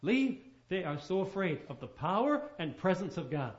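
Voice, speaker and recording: A man preaching a sermon, telling stories and shifting between soft, quiet lines and emphatic ones. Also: high voice, lively intonation, fairly quick. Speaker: pastor. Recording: roomy, dull sound.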